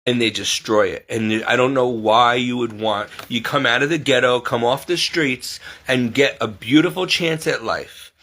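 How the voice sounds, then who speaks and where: A man's voice: mid-range voice, moderate pace, hardly any pauses, bright, forceful tone. A man hosting his own channel, talking off the cuff in a heated, emphatic way, firing off rhetorical questions and mimicking other people in raised voices. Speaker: online commentary host. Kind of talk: unscripted monologue to camera.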